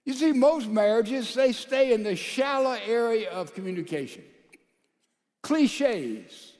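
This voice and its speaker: Man, pastor, emphatic sermon delivery, high-pitched for a man, reverberant sanctuary. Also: animated, takes it slowly. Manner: emphatic, calls out to the congregation, swings loud to soft. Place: large church sanctuary with a balcony.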